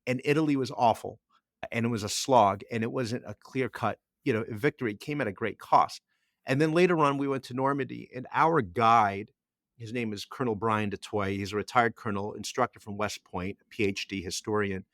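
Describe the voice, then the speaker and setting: A man's voice: medium pitch, a little fast, fairly bright tone, no echo, studio quality. A middle-aged man co-hosting a podcast, telling a long story with many restarts and repeated words. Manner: rambling storyteller with frequent restarts. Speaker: podcast co-host. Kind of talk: casual podcast chat.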